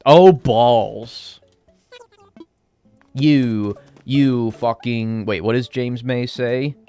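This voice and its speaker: A man's voice: mid-range voice, fairly even intonation, slow, mellow, clear, resonant tone, soft background music. An American man chatting casually on a live stream while playing a game, joking around and swearing freely.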